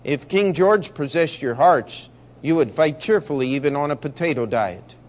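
A man's voice: a little high, animated, normal speed, natural voice. A man voicing a proud, earnest patriot general in a read-aloud story, speaking eloquently.

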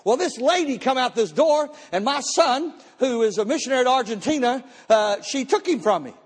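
High-voiced preacher in an echoing church. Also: male voice, normal speed, breathy edge. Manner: animated storytelling, bursts of shouting. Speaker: pastor. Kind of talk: testimony sermon. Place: church sanctuary, live service. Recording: long reverb of a church hall.

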